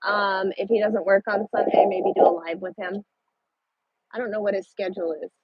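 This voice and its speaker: A woman's voice: medium pitch, steady tone, normal speed, breathy edge, no room sound. A woman truck driver chatting casually with viewers on a live stream from her parked truck at a rest area, swearing now and then. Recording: dull lo-fi sound.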